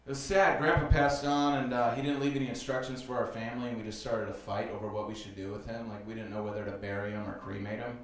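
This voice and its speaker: A man's voice: fairly low pitch, fast talker, hardly any pauses. Rambling man, stand-up from afar. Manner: loose rambling delivery with many fillers; dark jokes told flatly. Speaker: stand-up comedian. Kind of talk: stand-up comedy set. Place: comedy club stage before a live audience. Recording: roomy club sound, distant mic.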